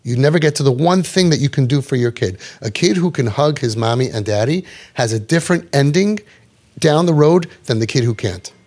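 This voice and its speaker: Brief: male parenting coach addressing a room, mid-pitched, animated storyteller who repeats himself and asks the crowd questions. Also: a little fast. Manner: repeats words, restarts sentences. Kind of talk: talk to a live audience.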